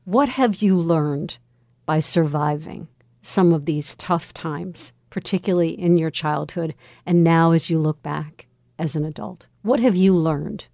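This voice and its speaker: Lower-voiced woman broadcast host. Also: creaky, a little mellow, no echo, clean studio sound. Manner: measured, encouraging questions. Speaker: interview host. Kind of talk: broadcast interview.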